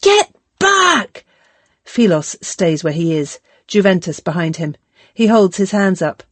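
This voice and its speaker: Female audiobook narrator, lowish and measured, dry close read. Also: dark tone, dry recording. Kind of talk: scripted narration.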